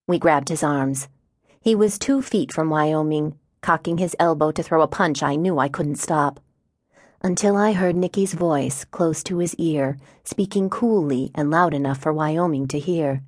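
A woman narrating a novel in first person with measured, wry storytelling. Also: deep voice, no room sound, clean studio sound. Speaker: audiobook narrator.

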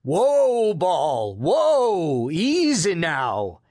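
A man voicing a calm, firm older grandfather who runs an inn. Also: fairly high pitch, measured pace, no room sound, clean studio sound, exaggerated voice. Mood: commanding. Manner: firm, commanding.

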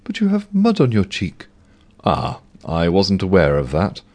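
A man voicing a tired woman working as a bank clerk, speaking quietly. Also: low voice, huge pitch swings, unhurried, full character voice. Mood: weary. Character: weary female bank clerk.

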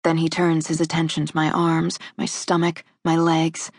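An audiobook narrator reads a first-person romance in a measured, intimate way. Her low, husky, breathy voice stays monotone, and the studio recording is dry and close, with no room sound at all.

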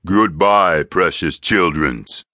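A man voicing a menacing, gleeful male villain in an audiobook, with a slow, mocking, taunting drawl. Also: deep voice, pushed and bright, dry recording, studio quality, heavily acted. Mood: gloating menace.

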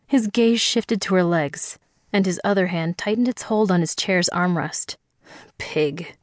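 Low-voiced woman narrating an audiobook. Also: measured pace, no echo. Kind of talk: scripted narration. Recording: dry close studio sound.

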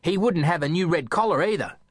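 A man narrating a children's audiobook in a playful, expressive storytelling manner. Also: fairly high pitch, a little fast, no echo, studio quality.

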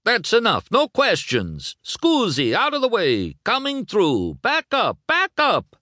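An excitable little male car, fussy and bossy, shooing people away in a high, shouting voice as a man reading a storybook puts him on. The delivery swings wildly up and down, and the sound is close and dry. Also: takes it slowly, dry recording, heavily acted. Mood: shooing, excited.

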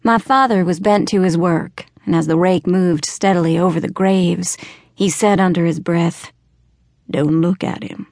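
A woman narrating an audiobook in a measured, steady first-person storytelling voice. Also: fairly low pitch, dry recording, clean studio sound.

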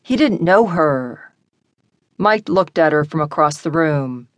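A woman with a lowish voice reads a contemporary romance in measured, expressive narration. The recording is very dry and close, with no room sound at all. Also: no room sound. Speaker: audiobook narrator. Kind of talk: scripted narration.

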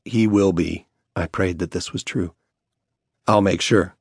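Deep-voiced man narrating an audiobook. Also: steady tone, measured pace, darkish tone, breathy edge, no room sound, clean studio sound. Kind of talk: scripted first-person narration.

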